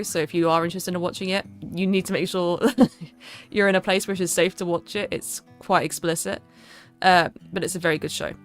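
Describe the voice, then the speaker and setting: Young woman, southern English accent, casual stream chat, rambling with fillers, smooth voice, faint music behind. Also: fairly low pitch. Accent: southern English, London area. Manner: chatty and rambling, many fillers and restarts.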